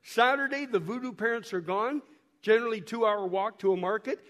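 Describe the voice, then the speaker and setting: A man who works as a missionary, telling stories to a congregation in a folksy way while showing photos, hoarse and coughing from a cold. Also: sits high, fairly quick, a bit bright, in a large hall. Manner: folksy, repeats and restarts words, speaks directly to the congregation. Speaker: missionary guest speaker. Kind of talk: storytelling talk to a church while showing photos. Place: church hall.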